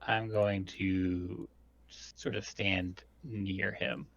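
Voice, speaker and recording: Slow gravelly young man, hesitant. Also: low voice, little pitch movement, a bit bright, highs cut off. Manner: slow, hesitant, many fillers. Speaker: player. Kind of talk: casual chat at a game table.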